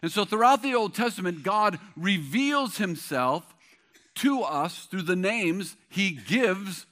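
Bright-toned high preaching man. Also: expressive, slow. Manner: emphatic, repetitive preaching cadence. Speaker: pastor. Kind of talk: sermon.

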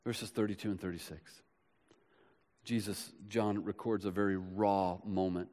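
A man preaching a sermon as pastor, swinging from loud urgent builds to soft hushed passages, recorded in a church. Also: low voice, fairly even intonation, unhurried. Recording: long hall reverb.

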